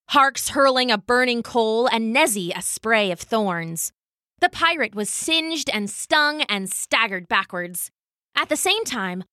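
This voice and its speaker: A woman storyteller reading a children's adventure story in an expressive, animated way. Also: a little high, dry recording, studio quality. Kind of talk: scripted children's story narration.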